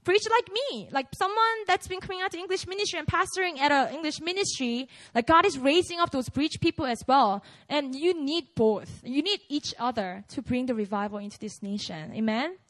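A young woman pastor giving a casual, animated sermon at a prayer meeting, laughing often as she talks. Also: sits high, a little fast, few pauses, rough recording. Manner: animated, conversational preaching with frequent laughs.

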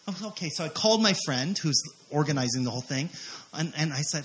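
Animated man telling a sermon testimony. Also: a little high, quick pace. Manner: animated, acts out quotes, frequent fillers. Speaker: missionary preacher.

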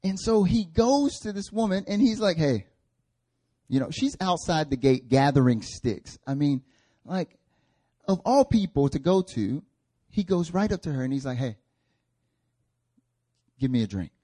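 A man preaching a sermon in a slightly higher-than-average voice. He talks casually and acts out the people in the story, and he often builds to loud, passionate peaks. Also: sing-song, moderate pace. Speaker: pastor.

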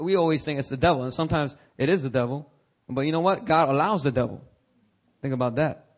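A male pastor preaching a sermon, talking candidly with his congregation and breaking into dramatic, rising cries. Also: medium pitch. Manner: conversational, candid asides to the congregation.

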